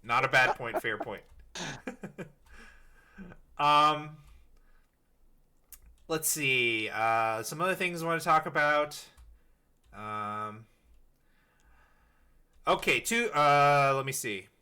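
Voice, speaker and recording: A man's voice: a little high, expressive, extremely slow, pauses often, pushed and bright, clear, resonant tone. A man hosting a casual podcast chat, rambling with many fillers and restarts. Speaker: podcast host.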